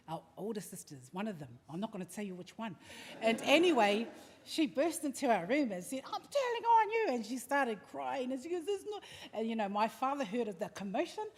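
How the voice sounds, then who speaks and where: A middle-aged woman with a New Zealand accent, sharing an animated personal story at a memorial service. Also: mid-range voice. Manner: animated, acts out the story with lively asides. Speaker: family member speaking at a memorial service. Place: large hall at a live-streamed service. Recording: echoey hall with faint background noise.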